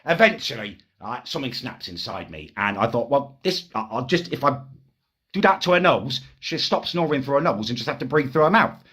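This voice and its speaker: A man's voice: medium pitch, big pitch swings, a little fast, a bit bright, husky. A man telling a crude comic story in an indignant, exasperated rant. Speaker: comedic ranter. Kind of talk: ranting comic monologue.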